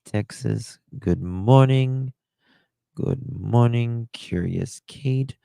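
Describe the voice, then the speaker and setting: A man chats casually on a livestream, greeting viewers by name and speaking frankly, now and then with a curse. His low voice is gravelly yet smooth, and he takes his time. The sound is dry and close. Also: extremely slow, dark tone, dry recording. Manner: greets chatters one by one, candid and profane. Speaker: livestream host. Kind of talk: casual live-stream chat.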